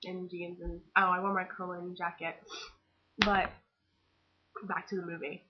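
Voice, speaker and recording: A teenage girl gushing about a movie in a casual webcam vlog, excitable and full of fangirl chatter. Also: on the low side, a little slow, lo-fi sound, noisy background. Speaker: vlogger.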